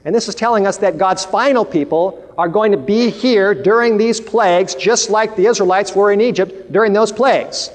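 A man's voice: high voice, normal speed, few pauses, long reverb tail. A man preaching a sermon, telling stories and declaiming with emphasis.

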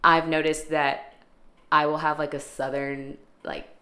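A young woman with a low voice hosts a podcast in loose, chatty talk full of fillers. Her voice rings with a roomy echo. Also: flat delivery, measured pace, bright, forceful tone. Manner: chatty, laughs often, many fillers. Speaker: podcast host. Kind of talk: casual chat.

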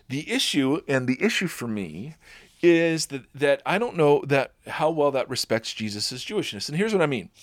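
Informal male Bible teacher, mid-pitched, reads scripture then chats through it. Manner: informal, many fillers and restarts, laughs at own slips. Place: at home, birds audible.

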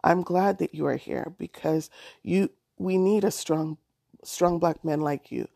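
An eager young schoolgirl asking question after question, as a woman reading a story puts her on. The voice sits low and carries a heavy gravelly fry with a husky edge. It is recorded dry and close. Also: a little slow, warm tone, no room sound, heavily acted. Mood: curious.

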